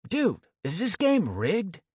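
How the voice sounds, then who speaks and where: A relaxed, playful teenage boy talks with a good deal of lift and fall in his voice, read by a man. He banters and teases in an easy, offhand way. The recording is dry and close. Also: sits high, takes it slowly, husky, no echo, voice pushed up, heavily acted. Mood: easygoing. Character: teasing, laid-back teenage boy.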